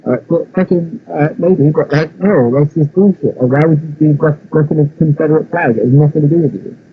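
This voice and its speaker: A man's voice: fairly high pitch, a little fast, slightly rough. A young man with an English accent chatting casually on a podcast, rambling and swearing with lots of fillers. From England. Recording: dull lo-fi recording.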